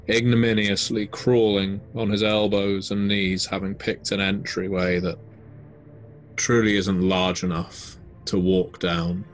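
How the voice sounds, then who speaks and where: A man running a tabletop horror game, narrating in a slow, measured, ominous way. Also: low-pitched. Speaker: game master.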